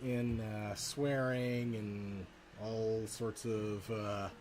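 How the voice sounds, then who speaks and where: Slow, halting male game master. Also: on the low side, flat delivery, a little mellow. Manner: slow, halting narration with many pauses and fillers. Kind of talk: narrating a tabletop game.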